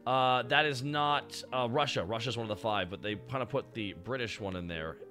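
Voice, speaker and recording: A man hosting a casual chat and reviewing robot designs, excitable and rambling, and swearing freely as he goes. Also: medium pitch, brisk, soft background music. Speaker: show host.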